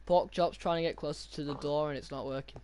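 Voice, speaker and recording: A man's voice: on the high side, fairly even intonation, quick pace, a little mellow, clean tone. A young man co-hosting a casual podcast, talking hesitantly and giggling between lines. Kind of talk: casual chat while gaming.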